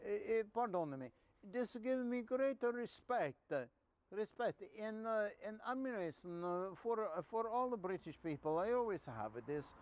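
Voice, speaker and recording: A man's voice: sits high, animated, unhurried, no room sound. An actor playing an effusive agency boss who rambles and stumbles over his words. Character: excitable Italian male agency boss.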